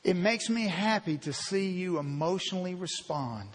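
Heartfelt pastor in a reverberant church. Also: male voice, sits high, animated, normal speed. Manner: heartfelt, confessional, builds to emphatic bursts. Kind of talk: conversational sermon. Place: church sanctuary.

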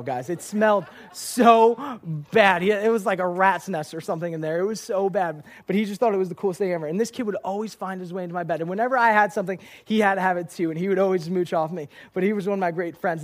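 A young man preaching a casual youth sermon, telling stories with lots of filler words. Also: sits high. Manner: lively storytelling with filler words. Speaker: youth pastor.

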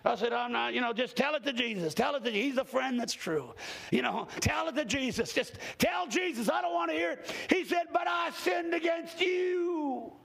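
A male evangelist preaching to a congregation in a very high, gravelly voice. He tells folksy, joking stories and breaks into sudden shouts. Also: expressive, fairly quick. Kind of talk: sermon. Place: church service with congregation.

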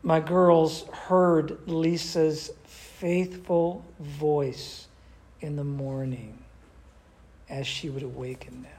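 A man's voice: a little high, level tone, extremely slow, a little mellow. An older man, a pastor, teaching a church class in a conversational way and asking the group questions.

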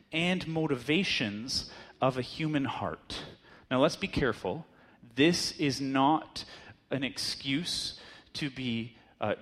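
A man's voice: fairly high pitch, a bit bright. A man preaching a sermon in a conversational teaching manner, asking his listeners rhetorical questions.

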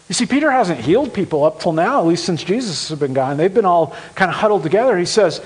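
A man preaching a sermon, retelling a story with lively acted-out voices and dropping to a hushed tone at serious points. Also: high-pitched, fast talker, few pauses, slightly rough. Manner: animated, acts out the story in voices, drops to a hushed tone for serious moments. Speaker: pastor.

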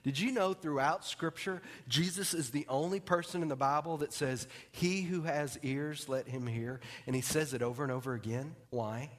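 A man preaching a sermon as pastor, conversational and joking, dropping to quiet emphasis on key points. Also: fairly high pitch, moderate pace, few pauses.

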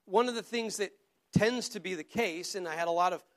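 A man's voice: sits high, a little fast. A pastor preaching a sermon to his church in an earnest, conversational way, often repeating words as he goes.

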